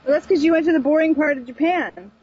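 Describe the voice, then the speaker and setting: A woman's voice: high voice, fast, darkish tone. A woman chatting casually as a podcast guest, laughing and playfully mocking. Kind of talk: casual chat. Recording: lo-fi voice chat with faint noise.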